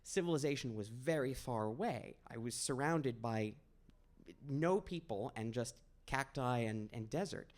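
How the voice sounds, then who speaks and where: A young man from Maine tells a true story on a small stage, in an easy, conversational way with a wry, self-deprecating edge. His voice sits at an ordinary middle pitch. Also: expressive, measured pace. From Maine, USA. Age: 20s. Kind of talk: live personal storytelling.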